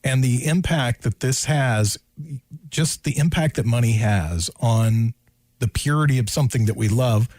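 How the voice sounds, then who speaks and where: A man's voice: mid-range voice, measured pace, a little mellow, dry recording. A man co-hosting a sports radio show, talking casually and rambling as he thinks aloud. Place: radio studio.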